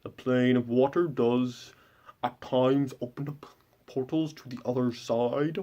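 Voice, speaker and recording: A man voicing a rotund, floating fish-frog ship captain who speaks slowly and formally, muffled as if talking around a ball in his mouth. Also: medium pitch, steady tone, dark tone, lightly acted.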